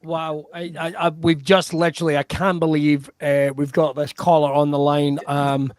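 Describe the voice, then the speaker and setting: A man hosting an improv comedy show over a video call, energetic and laughing through quick banter. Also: on the high side, dry recording, studio quality. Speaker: host.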